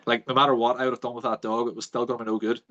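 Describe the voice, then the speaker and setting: A man hosting a podcast races through a story in casual chat, his voice at medium pitch. He's an animated storyteller who voices the people he quotes, and the recording is dull and lo-fi.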